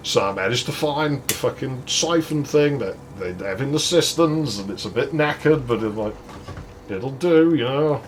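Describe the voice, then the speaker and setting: A man's voice: mid-range voice, animated, measured pace, a little hiss or hum. A man hosting a let's play, telling a story casually with lots of swearing and laughter. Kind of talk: casual gameplay commentary and storytelling.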